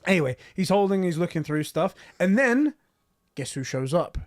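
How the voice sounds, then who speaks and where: A man recaps a show for his co-host in loose, animated chat, stumbling over restarts and dropping the odd swear. His voice sits fairly high for a man. The sound is dry and close, with no room echo. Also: normal speed. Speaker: podcast co-host. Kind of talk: casual chat.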